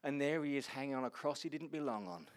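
A man preaching a sermon with passion, swinging from loud exclamations to hushed, slow passages and speaking earnestly to his congregation. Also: mid-range voice, expressive.

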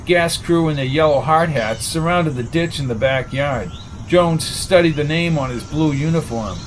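Role: man narrating an audiobook. Pitch: slightly high. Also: moderate pace, a little hiss or hum, poor audio. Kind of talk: scripted narration.

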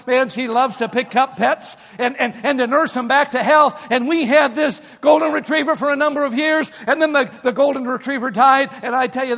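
A man preaching a sermon in a large church hall, telling folksy stories that swing from soft asides to shouted emphasis. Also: very high-pitched, vocal fry. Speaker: pastor.

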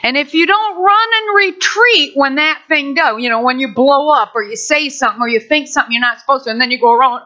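Bright-voiced woman sharing a testimony. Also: high voice, brisk, hardly any pauses, lo-fi sound. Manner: animated storyteller, acts out quotes. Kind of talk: personal testimony.

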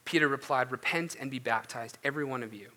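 A man preaching a conversational sermon, animated and informal, with frequent restarts and asides. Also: mid-range voice, fast. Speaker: pastor.

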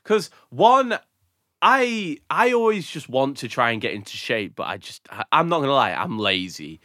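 Young man co-host, very lively pitch, sweary laughs, dry close sound. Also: moderate pace, no echo. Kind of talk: casual chat.

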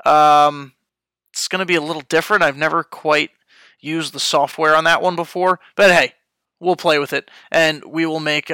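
Casual young male podcast host, off-the-cuff chatter, smooth bright tone, dry close sound. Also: on the high side, no echo. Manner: chatty, off the cuff, frequent fillers. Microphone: headphones and studio mic.

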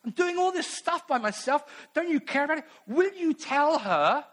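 Man voicing an exasperated woman, pitched high, complaining and pleading. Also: expressive, normal speed, a bit bright. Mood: indignant. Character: indignant flustered woman complaining of her sister.

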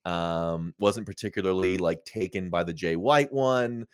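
Low-voiced hesitant male co-host. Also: a little slow, smooth, no echo, clean studio sound. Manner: hesitant, thinks aloud, repeats words. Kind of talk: casual livestream review chat.

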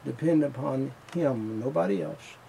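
A man preaching a sermon in a slow, emphatic style, returning again and again to the same refrains. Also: mid-range voice, gravelly, warm tone, slight background noise, rough recording.

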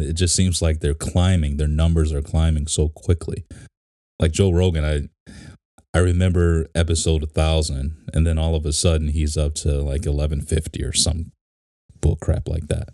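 A man's voice: a bass voice, mellow, no room sound, clean studio sound. A man co-hosting a podcast, chatting casually in a rambling, talkative way. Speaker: podcast co-host. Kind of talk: casual chat.

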